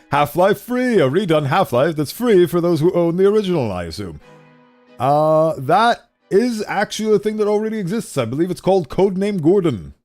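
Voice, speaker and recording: A man streaming a game, chatting casually and animatedly, self-deprecating and quick to laugh. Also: fairly high pitch, darkish tone. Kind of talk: casual commentary while playing.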